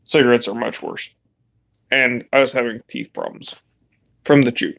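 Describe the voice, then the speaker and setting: A man's voice: mid-range voice, animated, normal speed, gravelly, a bit bright. A young man vlogging in a rambling, laid-back way, swearing casually as he chats. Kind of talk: casual vlog chat.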